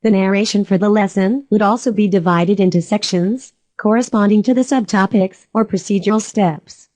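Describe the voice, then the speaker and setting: Calm woman narrating a lesson, warm mellow voice. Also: medium pitch, normal speed, no echo. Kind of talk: scripted narration.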